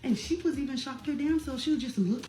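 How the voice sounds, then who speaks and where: A woman's voice: high-pitched, fast, mellow. Blunt, profane young woman telling a story. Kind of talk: casual storytime monologue. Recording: roomy echo with faint music.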